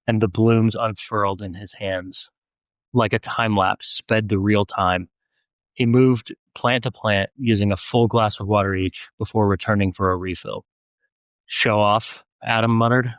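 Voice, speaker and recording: Low-voiced man narrating an audiobook. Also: fairly bright tone, no echo, low-quality recording.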